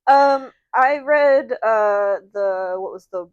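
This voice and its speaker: A woman in her twenties co-hosting a casual podcast chat, quick and laughing often, with casual swearing. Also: on the high side, no echo, dull audio. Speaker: podcast co-host.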